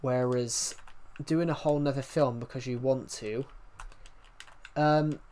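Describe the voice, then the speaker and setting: A man's voice: medium pitch, steady tone, a little slow, a little mellow, a little hiss or hum. A young British man chatting casually on a livestream, rambling with many restarts and answering viewer comments. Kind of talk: casual stream chat.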